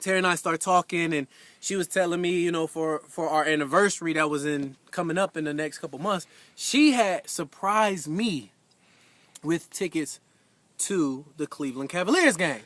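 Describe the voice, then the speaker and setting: A young man with a voice on the high side gives a heartfelt anniversary message to his wife at a moderate pace. He tells a story casually, with lots of fillers and animated retellings, and there's no room sound.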